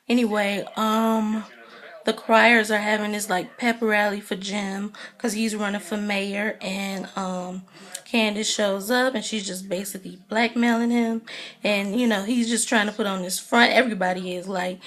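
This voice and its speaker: A woman casually recapping a TV drama episode in a chatty, animated way, acting out the characters' lines. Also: medium pitch. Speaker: TV recap vlogger.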